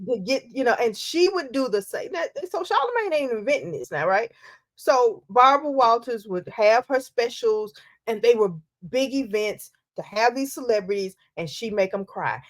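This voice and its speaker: A woman co-hosting a casual chat podcast, telling stories with energy and acting out quotes. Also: fairly high pitch. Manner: animated storytelling, acts out quotes. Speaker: podcast co-host.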